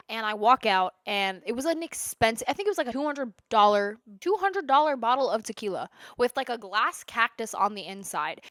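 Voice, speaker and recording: In a sit-down vlog recorded at home, a lifestyle creator in her twenties chats casually and rambles from one tangent to the next. Her mid-range voice is a bit bright, and the recording is dry.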